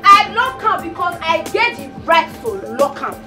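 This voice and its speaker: A woman doing a bossy Nigerian landlady, nagging and scolding, high voice, swooping all over the place in a comedy skit. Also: animated, moderate pace, bright, forceful tone, faint music behind, heavily acted. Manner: bossy, nagging, talks in Pidgin. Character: strict scolding landlady, middle-aged woman.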